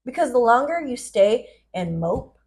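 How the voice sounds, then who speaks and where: A young woman with a high voice chats on a podcast, animated and blunt. She acts out every quote as she tells her story and swears freely along the way. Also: unhurried. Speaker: podcast co-host. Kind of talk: casual chat.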